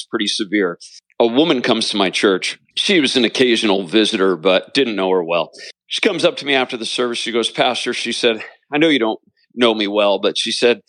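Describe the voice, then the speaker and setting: A man's voice: medium pitch, fairly bright tone, no echo. A man, a pastor, telling his story in an interview, with an earnest preaching cadence and repeated phrases. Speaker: pastor and author.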